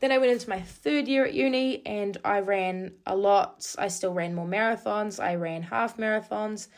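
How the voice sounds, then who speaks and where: Candid young woman telling her own story. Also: medium pitch. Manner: candid, confessional, quick bursts of speech. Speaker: podcast host. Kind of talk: personal storytelling monologue.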